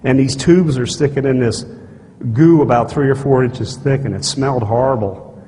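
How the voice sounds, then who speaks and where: A man giving a live conference talk, telling a personal story in a blunt, folksy way, acting out dialogue and often clearing his throat. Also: medium pitch, moderate pace. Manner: animated storyteller who acts out dialogue and gestures; blunt and folksy, with frequent asides to the audience. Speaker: speaker at a conference. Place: stage in a large conference hall. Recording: archival talk, echoey hall, faint noise.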